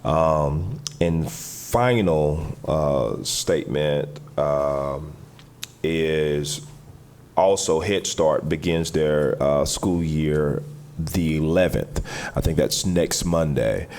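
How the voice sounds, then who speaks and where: A man speaking as a city councilman, making community announcements at a council meeting in a halting way with many pauses. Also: rumbling low, darkish tone.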